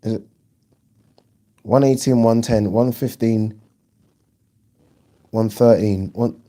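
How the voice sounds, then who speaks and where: A man hosting a casual live stream, chatting and reading viewer comments aloud in an animated way. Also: fairly low pitch, slow pace. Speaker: boxing channel host.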